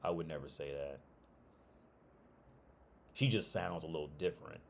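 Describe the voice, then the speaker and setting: A man's voice: rumbling low, normal speed, creaky, slight background noise. A middle-aged man from Ohio chatting casually on a livestream, rambling and swearing with frequent restarts. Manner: rambling, profane, loose restarts. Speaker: streamer.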